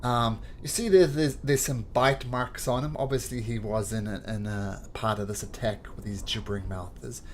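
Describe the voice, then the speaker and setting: A man narrating a tabletop game as game master, halting with fillers. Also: lowish voice, steady tone, slight background noise. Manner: halting, with many fillers and restarts.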